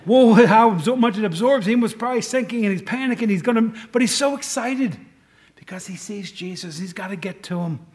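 A man's voice: sits high, a little mellow. A man giving an informal sermon, chatty, asking the congregation questions and often restarting his sentences. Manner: conversational, asks the audience questions, restarts often. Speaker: preacher. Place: room with a tin roof in the rain.

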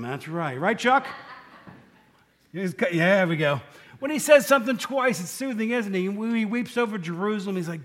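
A man's voice: high-pitched, moderate pace, a bit bright. A man preaching a casual sermon, chatting with the congregation and acting out the quoted lines. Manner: conversational, asks the congregation questions, acts out quotes.

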